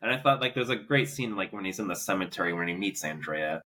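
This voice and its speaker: In a relaxed movie review chat, this podcast co-host rambles, leans heavily on "like" fillers and laughs frequently. He speaks quickly in a low-pitched, expressive, sharp-toned voice.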